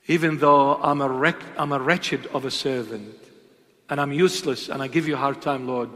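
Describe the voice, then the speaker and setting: A man preaching an impassioned sermon, swinging between loud emphatic calls and hushed, intimate asides. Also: mid-range voice, normal speed, long reverb tail.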